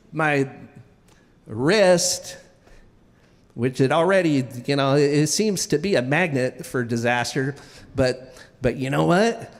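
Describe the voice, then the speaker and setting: High, animated male storyteller. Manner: wry, self-deprecating, halting restarts. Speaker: featured storyteller. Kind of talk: live comedic storytelling. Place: stage at a live venue. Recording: reverberant live hall.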